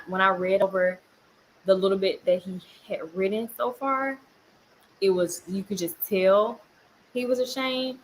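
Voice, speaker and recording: A young woman and mother chatting casually with viewers on a livestream, animated and laughing often, breaking off to tell her toddlers off. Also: lowish voice, slight background noise. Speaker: mom vlogger on a livestream.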